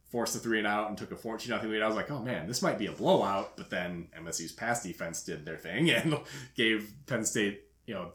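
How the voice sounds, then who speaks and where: A man's voice: medium pitch, a bit bright. A man hosting a podcast, telling a story in casual chat and laughing often. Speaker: podcast host. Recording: echoey room.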